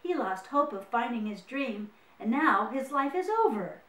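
A woman's voice: a little high, big pitch swings, unhurried, fairly bright tone, distant mic. A woman voicing an eager young mouse. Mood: earnest. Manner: earnest and polite. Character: eager young male mouse, hopeful dreamer. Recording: roomy, mic set away.

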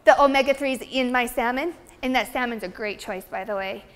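A woman's voice: on the high side, a little fast. A woman presenting a nutrition seminar, talking in an upbeat, chatty way to her audience. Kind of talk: live seminar lecture. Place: seminar room. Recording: long hall reverb.

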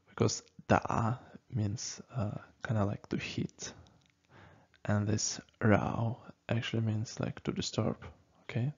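Male teacher, very slow and halting delivery, gravelly husky voice, dull lo-fi sound; checks in with "okay?" often. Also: lowish voice, flat delivery, darkish tone. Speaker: language teacher. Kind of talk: casual spoken lesson. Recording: dull lo-fi recording.

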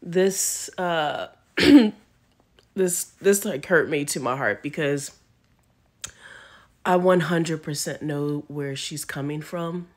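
Slow, low-voiced woman reflecting. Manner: slow, hesitant, many "um"s. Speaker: vlog host reacting to a clip.

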